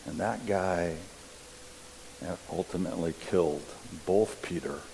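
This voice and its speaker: Slow-speaking male preacher in a reverberant church. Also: sits low, dark tone, slight background noise. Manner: slow, deliberate preaching with scripture readings. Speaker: pastor. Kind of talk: sermon. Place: church sanctuary. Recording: long reverb of a church hall.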